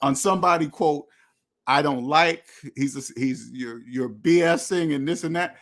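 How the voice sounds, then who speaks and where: A man's voice: a little high, normal speed, fairly bright tone. A man hosting a money channel, talking bluntly and repetitively straight to his viewers with many restarts. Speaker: finance channel host. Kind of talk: direct-to-camera rant.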